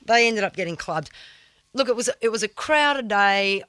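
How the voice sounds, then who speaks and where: A woman talks through a story the way a surfer would, blunt and salty with plenty of swearing. Her voice is mid-pitched and recorded dry and close, with no room sound. It sounds like a relaxed podcast chat. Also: moderate pace, dry recording. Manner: vivid, blunt storyteller who swears freely. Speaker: guest, surfer.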